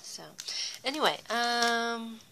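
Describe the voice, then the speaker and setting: A woman's voice: a little high, slow pace, noisy background. A young woman casually chatting to her viewers as she unboxes handmade craft gifts, full of fillers and gushing over the details. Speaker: craft YouTuber.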